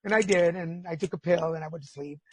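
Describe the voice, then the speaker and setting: A man's voice: a little high, quick pace, darkish tone, slightly rough. A middle-aged man hosting a podcast in a casual chat, telling candid stories with feeling and swearing freely. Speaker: podcast host.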